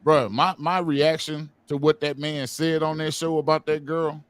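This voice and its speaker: A man's voice: on the high side, level tone, moderate pace, clear, resonant tone, dry recording. A man on a live stream panel, speaking defiantly and bluntly with profanity. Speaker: co-host. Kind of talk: heated livestream talk.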